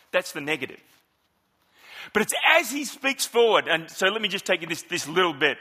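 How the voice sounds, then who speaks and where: A man preaching a sermon in a chatty, conversational way, often turning to the congregation with rhetorical questions. His voice sits high for a man and has a bright, forward edge. He moves between lively asides and quieter, reflective stretches. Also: a little fast. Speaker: pastor.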